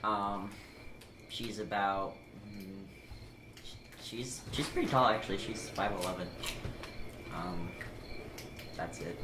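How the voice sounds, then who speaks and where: Slow, halting woman in an echoey room. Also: rumbling low. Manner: halting, many ums and swearing. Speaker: player. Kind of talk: casual tabletop chat. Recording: echoey room with background noise.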